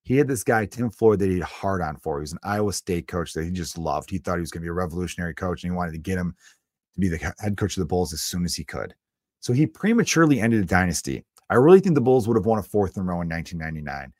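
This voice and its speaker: A man's voice: deep voice, lively intonation, fast talker, a little mellow, dry recording, clean studio sound. A man from Chicago, a comedian hosting his own podcast, ranting emphatically and with strong opinions. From Chicago, USA. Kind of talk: solo podcast rant.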